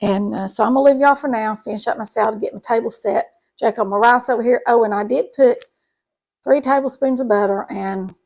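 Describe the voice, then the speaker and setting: A woman's voice: a little high, a little mellow. A middle-aged woman, chatting folksily to viewers while cooking in her home kitchen. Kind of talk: casual cooking chat to camera.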